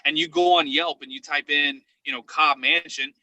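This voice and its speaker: Excitable man, very bright tone, a little high, dry close sound, animated storytelling. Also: normal speed, dry recording, poor audio. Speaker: guest paranormal investigator. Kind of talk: casual podcast chat.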